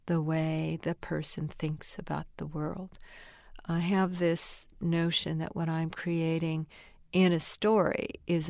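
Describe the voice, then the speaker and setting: An older woman author speaks in a low, gravelly voice, thoughtful and unhurried, searching for the right words. The sound is close and dry, with no room around her. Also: darkish tone, dry recording. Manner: thoughtful, searching for words, laughs now and then. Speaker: novelist interviewed about her work. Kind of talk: reflective interview answers.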